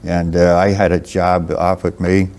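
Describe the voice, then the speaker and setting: In this interview, a Southern American man in his seventies, a guest writer, stops and restarts often, speaking slowly and haltingly. His low voice is gravelly and darkish, with a flat delivery.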